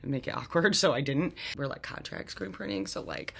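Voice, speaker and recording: A woman's voice: a bass voice, very animated, fairly quick, gravelly, a bit bright, slightly rough. A woman casually telling her own life story, rambling with many fillers and restarts.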